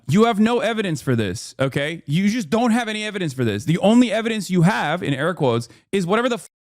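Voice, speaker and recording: Man, political streamer, heated profane rant, high pitch, dry close sound. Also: dry recording. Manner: angry, profane, rapid rants with mocking repetition. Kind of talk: heated commentary.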